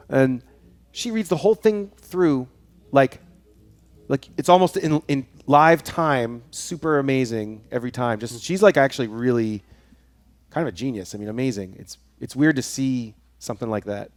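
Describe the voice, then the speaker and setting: A man chatting as a guest on a live show, rambling and telling animated stories with frequent laughs. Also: medium pitch, moderate pace. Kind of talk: casual chat. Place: studio.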